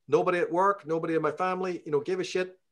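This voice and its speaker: Middle-aged man, Belfast accent, slightly higher voice, swears freely and rants while telling stories in an interview. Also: racing. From Northern Ireland. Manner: profane, ranting, animated. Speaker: interview guest. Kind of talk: storytelling in conversation.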